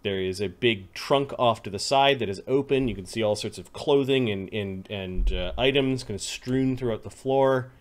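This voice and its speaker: A man running a tabletop game as game master, describing rooms and clues in an unhurried way and chuckling between details. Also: fairly low pitch.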